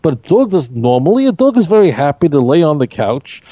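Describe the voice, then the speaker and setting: A middle-aged man, a rabbi, teaching scripture in an emphatic, animated way, repeating key phrases on a podcast. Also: a little high, brisk, no room sound. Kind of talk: podcast Bible discussion.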